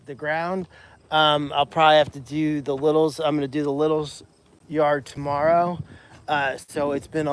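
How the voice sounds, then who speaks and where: A man's voice: a little high, clean tone. A man who cares for a farm animal sanctuary, chatting casually on a live stream while walking outdoors across a pasture. He rambles with lots of fillers and restarts, recorded on a handheld phone.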